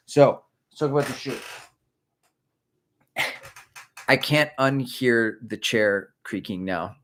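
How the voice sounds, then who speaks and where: Indoors on a creaky chair, a middle-aged running channel host rambles and pokes fun at himself as he chats about shoes on a casual livestream. His medium-pitched voice is a bit bright, and he takes it slowly.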